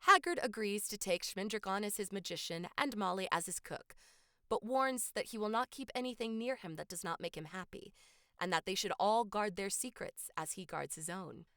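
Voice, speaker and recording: A woman co-hosting a podcast, recapping a film's plot in a casual, animated storytelling way. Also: mid-range voice, moderate pace, clean tone, no echo, clean studio sound. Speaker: podcast co-host. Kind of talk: casual film recap chat.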